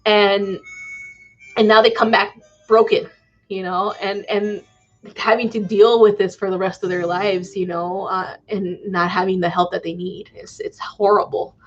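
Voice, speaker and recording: A woman on a live stream talks casually as a psychic channeler, rambling with lots of "um" and "like" and tacking "okay?" onto her lines. Her mid-range voice is flat and a little slow, in lo-fi audio with soft background music.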